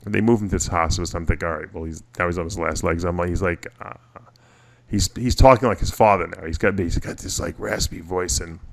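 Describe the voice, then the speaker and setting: A man's voice: deep voice, fairly bright tone. A middle-aged man hosting a casual radio show, telling personal stories in a rambling way with many restarts. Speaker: podcast host.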